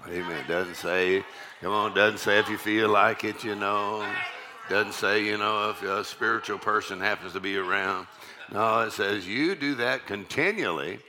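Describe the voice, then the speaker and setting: A man with a deep voice preaching a sermon, repeating his key lines and calling out "amen" to the congregation. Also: measured pace, noisy background.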